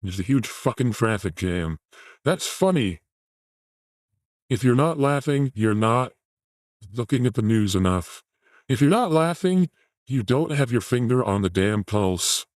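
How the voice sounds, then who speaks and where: A man hosting a comedy show, reacting to news and clips with deadpan, profane sarcasm. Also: medium pitch, measured pace, long pauses, no room sound, low-quality recording. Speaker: show host.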